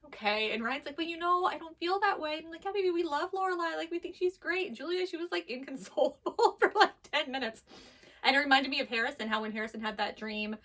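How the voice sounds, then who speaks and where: A chatty woman in her thirties with a high, bright voice. She talks casually and acts out the voices of the people in her stories. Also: quick pace. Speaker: vintage box co-owner. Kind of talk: casual chat.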